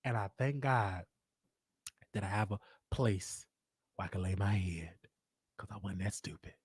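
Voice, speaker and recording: A Chicago man hosts his own show, sharing a personal story casually and emphatically and repeating lines for effect. His voice is husky, fairly low and a little slow, recorded clean in a studio with no room sound.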